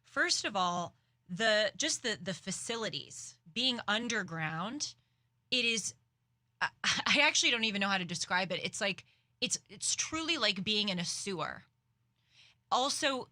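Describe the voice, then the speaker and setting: A young woman hosting a commentary show, telling a story in an animated, dramatic, self-aware way. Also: medium pitch, measured pace, no echo, studio quality. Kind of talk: casual political commentary.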